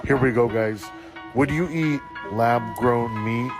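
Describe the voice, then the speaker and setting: A man speaks slowly and in a friendly way to his viewers. Clear plucked guitar music plays behind him. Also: medium pitch. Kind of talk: social media sign-off.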